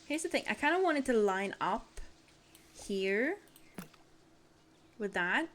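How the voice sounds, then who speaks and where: A woman's voice: a little high, expressive, slow, a bit bright. Sleepy woman streamer rambling to chat, voice bounces up and down a lot, noisy recording. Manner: sleepy, rambling, self-mocking. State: tired. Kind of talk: casual live-stream chat while building.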